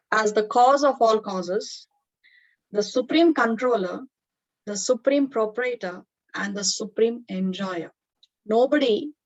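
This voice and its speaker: A woman teaching a devotional scripture class, explaining earnestly with many fillers and restarts. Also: on the high side. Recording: dull lo-fi recording.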